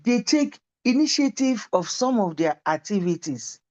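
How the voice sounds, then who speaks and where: A woman's voice: on the high side, sing-song, a little slow, a little mellow, lo-fi sound. A woman lecturer giving a university lecture and teaching through personal stories.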